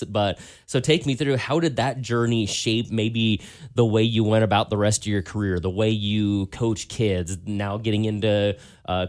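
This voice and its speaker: Low-voiced sports podcast host. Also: male voice. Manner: easygoing, long rambling questions. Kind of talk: interview questions.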